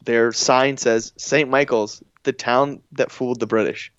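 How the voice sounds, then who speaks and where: A man's voice: mid-range voice, steady tone, measured pace, fairly bright tone, clean tone, no room sound, highs cut off. A man co-hosting a podcast in casual chat, making wry, understated remarks. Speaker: podcast co-host.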